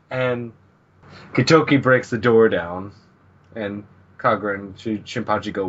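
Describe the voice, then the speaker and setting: A man co-hosting a podcast, narrating a plot in a low-key, casual way, in muffled lo-fi audio. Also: fairly even intonation, moderate pace, breathy edge. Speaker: podcast co-host. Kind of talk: casual chat recapping a manga.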